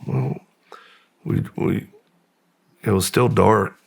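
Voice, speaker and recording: A middle-aged American man, a podcast guest, slowly and haltingly recounting a painful memory in a subdued, gravelly voice. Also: on the low side, fairly even intonation. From United States. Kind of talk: personal storytelling in interview.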